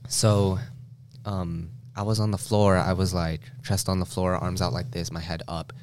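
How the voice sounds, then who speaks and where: A man's voice: low voice, level tone, normal speed, a little mellow. A young man casually telling a long personal story on a podcast, talking loosely with lots of "like". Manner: loose and slangy, heavy use of "like". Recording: noisy room recording.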